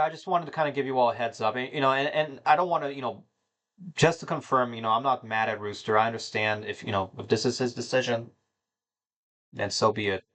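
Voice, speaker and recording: A man's voice: on the low side, a bit bright. A man hosting a gaming channel, talking to his viewers in a rambling, somber and disappointed way, with many fillers and restarts. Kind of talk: casual monologue to viewers.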